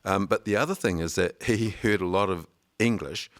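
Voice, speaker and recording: An older man in his sixties with a deep, low voice. He tells anecdotes in a relaxed conversational way, with self-deprecating humour. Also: moderate pace. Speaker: veteran broadcaster. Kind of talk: conversational storytelling.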